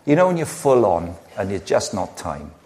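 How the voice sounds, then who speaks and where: A man, preaching a sermon in a lively, conversational way, full of rhetorical questions and playful asides. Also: fairly low pitch, moderate pace. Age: 60s.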